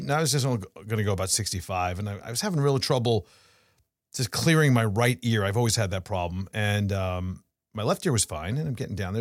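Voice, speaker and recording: A middle-aged man co-hosting a podcast, telling a story in casual chat with animated delivery and frequent restarts. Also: on the low side, no room sound, studio quality. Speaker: podcast co-host.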